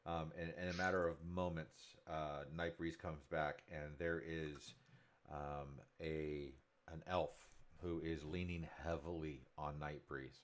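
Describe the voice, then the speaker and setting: Deep-voiced male game master, narrates scenes in detail with lots of ums, low and steady. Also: takes it slowly. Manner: descriptive, filler-heavy.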